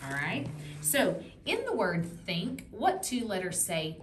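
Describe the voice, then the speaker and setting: A woman reading teacher giving a patient, encouraging one-on-one phonics lesson, modeling words slowly for a student. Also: mid-range voice, big pitch swings. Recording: roomy with background noise.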